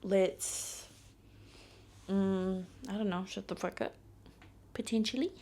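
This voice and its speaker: A woman's voice: medium pitch, steady tone, slow, dark tone. A young woman hosting a solo podcast, telling stories in a blunt, profane, ranting way. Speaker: podcast host. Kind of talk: casual solo podcast monologue.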